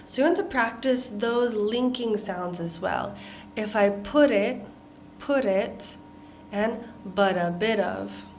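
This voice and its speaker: A woman with an American accent teaching pronunciation, modeling tongue twisters slowly and deliberately. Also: medium pitch, darkish tone, slight background noise. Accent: General American. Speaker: accent coach. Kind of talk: pronunciation lesson.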